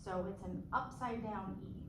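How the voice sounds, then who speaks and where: A woman teaching a one-on-one phonics lesson, patient, slow and clear, stretching out sounds. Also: medium pitch. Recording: echoey room, distant mic, background noise.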